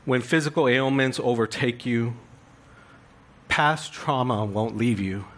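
A man's voice: mid-range voice, unhurried, a bit bright. A male pastor preaching a sermon in an earnest, confessional way, building emphasis through rhetorical questions.

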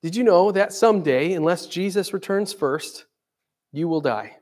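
A man's voice: high-pitched, animated, normal speed, a little mellow. A man preaching a sermon in a conversational way, dramatically acting out quoted voices. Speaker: pastor.

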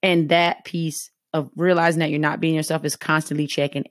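A woman's voice: low voice, fairly even intonation, normal speed, hardly any pauses, dry recording, studio quality. A middle-aged woman with a Southern US accent giving an earnest, conversational motivational talk to her viewers and voicing her own inner thoughts as she goes. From American South. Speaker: motivational speaker.

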